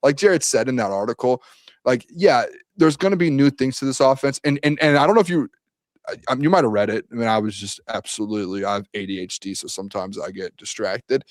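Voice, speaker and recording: A man's voice: medium pitch, brisk, no room sound. Rambling upbeat sports co-host, man. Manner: optimistic, rambling with many fillers like "like" and "um". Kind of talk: casual sports talk.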